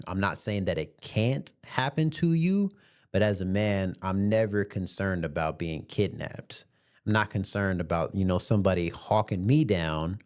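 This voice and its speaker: A man's voice: lowish voice, a little mellow. A man hosting a podcast, telling a rideshare story in a chatty, slangy way and laughing along as he talks. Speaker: podcast host and rideshare driver. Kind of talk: casual storytelling monologue.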